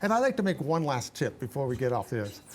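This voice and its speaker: An older man, a guest on a radio talk show, giving travel advice in an animated, emphatic way with frequent restarts. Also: mid-range voice, fast talker, slight background noise.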